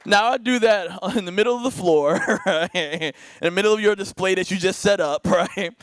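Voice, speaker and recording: A young man giving a motivational keynote to a live audience, energetic and playful, laughing often and keeping the crowd involved with "right?". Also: high-pitched, normal speed. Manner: laughs often, acts out bits. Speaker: keynote speaker. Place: event stage before a live audience.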